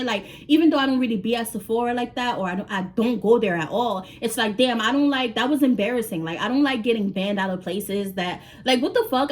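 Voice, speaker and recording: Animated New woman telling a story. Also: fairly high pitch. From New York. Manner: animated, swears freely, acts out quoted dialogue. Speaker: vlogger. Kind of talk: casual storytime vlog.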